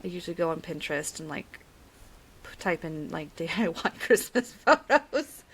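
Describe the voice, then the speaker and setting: A woman's voice: fairly low pitch, very animated, moderate pace, slightly rough, rough recording. A woman co-hosting a podcast in casual chat, mostly agreeing with short replies and telling a story of her own now and then. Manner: says little, mostly agrees with short "yeah"s. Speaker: podcast co-host.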